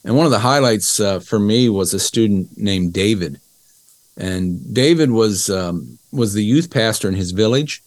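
A middle-aged man telling a story as an interview guest, lively and acting out the dialogue of the people in it. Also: on the low side, measured pace, no echo. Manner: animated storyteller who acts out dialogue. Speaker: interview guest, business educator.

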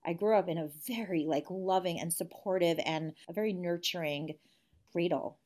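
A woman's voice: fairly low pitch, moderate pace, darkish tone. A woman in her forties, a guest in an interview, speaking in a reflective, candid way with frequent restarts. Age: 40s. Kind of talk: conversational interview.

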